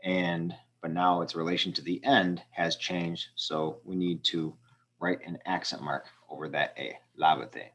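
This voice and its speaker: A male teacher with a notably low, deep voice walks students through practice exercises in a screen-recorded lesson. He talks in a relaxed, unscripted way, filling pauses with ums as he explains each step. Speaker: Spanish teacher.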